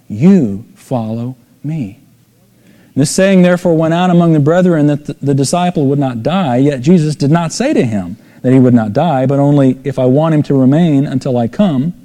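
A man's voice: fairly high pitch, mellow. A middle-aged man preaching a sermon, telling stories and acting out the voices in them with sudden emphatic rises. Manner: storytelling, acts out quoted voices with emphatic rises. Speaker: pastor. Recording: long hall reverb.

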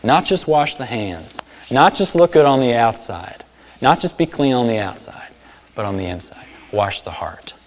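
A man's voice: expressive, moderate pace. Preaching man in a reverberant hall. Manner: storytelling, acts out voices with big swings in pitch and volume. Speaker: pastor. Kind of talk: sermon.

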